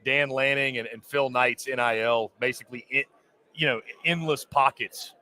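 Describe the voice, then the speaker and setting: A man's voice: mid-range voice, steady tone, normal speed, sharp tone. A man co-hosting a sports talk show, speaking in a loose, conversational way. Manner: conversational, loose, with fillers and restarts.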